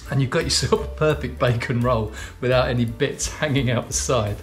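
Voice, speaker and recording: An eager man talks casually as he tastes his cooking and describes the flavours. His voice sits at a middle pitch, and his chatter runs on through mouthfuls. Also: a little fast, faint music behind. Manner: enthusiastic, chatty, talking while eating. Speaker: cookery teacher. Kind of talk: casual tasting chat to camera.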